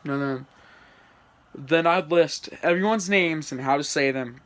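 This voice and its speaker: Man narrating his own fan story, chatty, stumbling, slow, raised pitch. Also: a bit bright. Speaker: channel creator. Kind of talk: reading his homemade story aloud.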